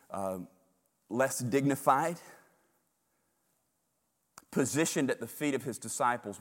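A male pastor preaching a sermon with animated storytelling, repeating words in quick bursts. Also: fairly low pitch, in a large hall.

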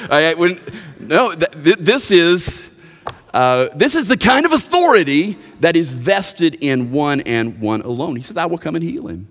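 A man preaching a sermon as a pastor, earnest, rising for emphasis and dropping soft. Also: fairly high pitch, very animated, normal speed, long reverb tail.

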